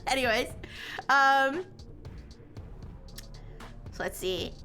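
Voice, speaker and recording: A woman hosts a casual live stream, talking in a high, bright voice. She rambles, trips over her own sentences and laughs as she goes. Faint music plays underneath. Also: extremely slow. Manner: rambling, self-interrupting, laughs often. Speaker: livestream host.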